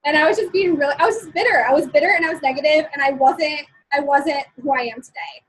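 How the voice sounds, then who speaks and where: A woman's voice: high-pitched, fast, poor audio. A woman giving a live-streamed motivational talk. She is chatty and upbeat, laughs often between points, and keeps checking in with her listeners. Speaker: motivational speaker.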